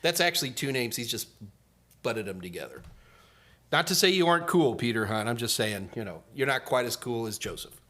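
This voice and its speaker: A man in his sixties, an IT certification trainer, hosts a casual live Q&A about IT certifications. His mid-range voice is expressive, brisk and sharp in tone, and he jokes and trails off mid-sentence.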